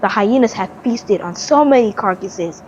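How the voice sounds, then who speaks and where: A woman giving a measured, dramatic scripted narration of a historical story. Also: medium pitch, animated, darkish tone, highs cut off, slight background noise. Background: music.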